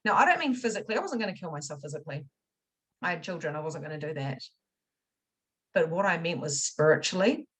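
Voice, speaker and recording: A woman teaching a spiritual money masterclass. She talks casually and swears, leaping from loud excitement to quiet, confessional asides. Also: low-pitched, quick pace, long pauses, slightly rough, rough recording. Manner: casual swearing, chatty direct address. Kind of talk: motivational masterclass talk.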